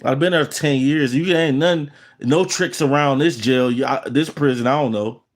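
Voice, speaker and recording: A man's voice: medium pitch, moderate pace. A middle-aged man with an African American Vernacular English accent, hosting his channel and ranting at viewers in a boastful, threatening, repetitive monologue. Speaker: channel host.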